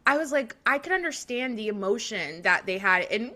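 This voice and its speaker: Podcast co-host, woman from Florida, bright and fairly high, bubbly casual chat. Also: sing-song, brisk, few pauses. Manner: bubbly, laughing, frequent "like".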